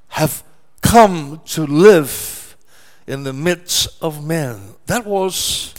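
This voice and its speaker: A middle-aged man with a high-pitched voice delivers a sermon at an unhurried pace. He leans on repetition and rhetorical questions, building each point phrase by phrase. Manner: emphatic, repetitive preaching cadence with rhetorical questions. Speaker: preacher.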